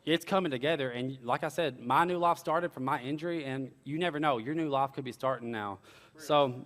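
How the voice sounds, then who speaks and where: A man's voice: mid-range voice, fairly bright tone. Young man, pastor, earnest sermon, casual asides, long hall reverb. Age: young adult.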